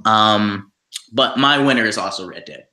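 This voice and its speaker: A man's voice: lowish voice, lively intonation, a little slow, sharp tone, roomy sound. A man co-hosting a podcast, chatting casually about video games, rambling and repeating himself as he rants. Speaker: podcast co-host.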